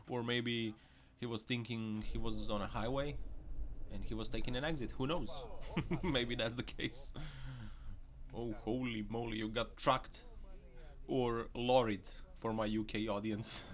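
A man's voice: medium pitch, measured pace, a crowd in the background. A man doing joking reaction commentary on driving clips, laughing often between remarks. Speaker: video commentator. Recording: noisy recording.

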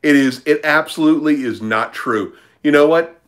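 A middle-aged man hosting a livestream, reading viewer questions and launching into a blunt, profane, combative rant. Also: moderate pace. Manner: profane, blunt and combative, with pitch swinging up when worked up.

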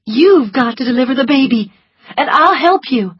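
A woman's voice: very high-pitched, very animated, a little slow, dry recording, voice pushed up, full character voice. A woman doing a headstrong, commanding young Southern belle. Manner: sharp, commanding. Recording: slightly muffled lo-fi, dry.

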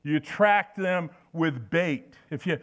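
A man's voice: on the high side, takes it slowly, a bit bright. An older man preaching a sermon in a folksy, anecdotal way, telling stories with frequent restarts.

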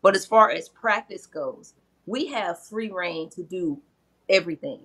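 Middle-aged lady, a priestess, chatting and retelling old myths, kinda low voice, earnest. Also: animated, a little slow, a bit bright. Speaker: spiritual practitioner and priestess. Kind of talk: casual conversational storytelling.

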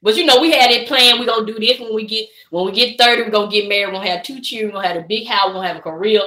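Chatting rapid-fire on her live stream, a woman vlogger uses a fairly high, bright voice with a forceful tone. She comes across as easygoing but preachy, addressing viewers as "baby" and "y'all," in an echoey room.

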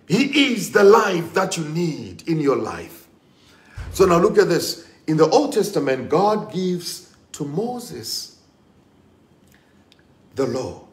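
High, lively-voiced man preaching emphatically. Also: unhurried, reverberant. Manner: emphatic, repetitive preaching with rising exclamations. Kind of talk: sermon.

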